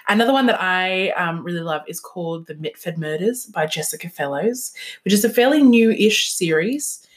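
A woman's voice: lowish voice, animated, moderate pace. A woman chatting casually about books on a podcast, giggly and trailing off with ums. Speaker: book podcast co-host.

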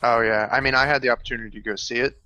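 A man's voice: medium pitch, steady tone, very fast, bright, forceful tone, slight background noise. A man co-hosting a casual history podcast, chiming in with side notes and quips. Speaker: podcast co-host.

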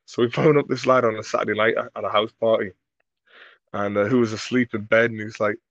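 A man from Merseyside, a comedy creator, telling rambling sweary anecdotes in a relaxed interview. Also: lowish voice, quick pace, dry recording, highs cut off. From Merseyside, England. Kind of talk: casual storytelling in an interview.

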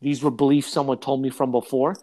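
A man's voice: mid-range voice, fairly quick, no echo. A young man chatting on a casual podcast. He tells his story with energy and acts out what everyone said. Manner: animated storyteller, acts out quotes. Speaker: podcast co-host.

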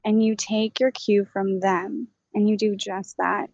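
A woman voicing a channeled spirit guide, speaking slowly and gently in a channeling session. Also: medium pitch, little pitch movement, creaky, no room sound. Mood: serene. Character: calm wise female spirit guide, unhurried. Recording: dull, dry, lo-fi sound.

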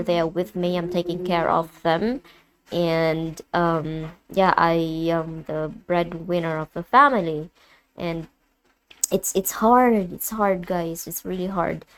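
A young Filipino woman with a mix of American and British in her accent, hosting a personal solo podcast and talking candidly and emotionally, often halting and restarting. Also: lowish voice, slight background noise. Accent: Filipino, mixed with American and British. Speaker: podcast host.

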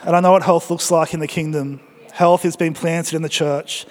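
A man preaches to his congregation with energy and humor, his voice high and lively. It rings through a church with a long reverb. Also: moderate pace. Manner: energetic, joking, exhorting the congregation. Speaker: pastor. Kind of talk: sermon.

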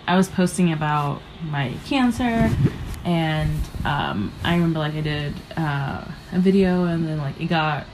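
Her voice is notably low, and she talks a little slowly; faint hiss sits underneath. This young adult woman from the US is a comedian guest in a casual interview, meandering through stories full of fillers and acting out how she reacted.

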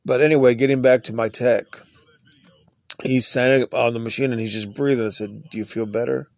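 A man's voice: medium pitch, fairly even intonation, moderate pace, no echo. A man hosting his own podcast, talking in a rambling, earnest, unscripted monologue. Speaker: podcast host. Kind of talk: casual monologue.

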